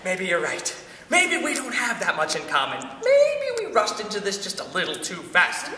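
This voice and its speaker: A man's voice: sits high, wildly swooping pitch, moderate pace, over a noisy crowd. A young man playing an exasperated young husband. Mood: weary. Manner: theatrical, often laughing. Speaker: student actor. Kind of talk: stage comedy acting. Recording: echoey hall from far off.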